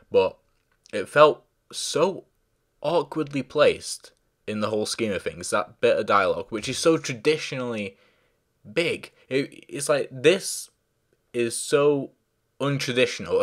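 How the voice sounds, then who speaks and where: Reviewing a show informally, this man meanders through fillers and false starts, apologising whenever a name escapes him. His lowish voice is expressive and fairly bright, delivered at a measured pace.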